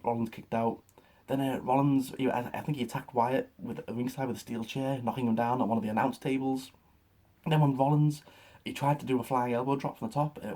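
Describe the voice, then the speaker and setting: A young man excitedly recapping a wrestling show in a rambling, casual way, with lots of fillers and swearing. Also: mid-range voice. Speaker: wrestling reaction vlogger.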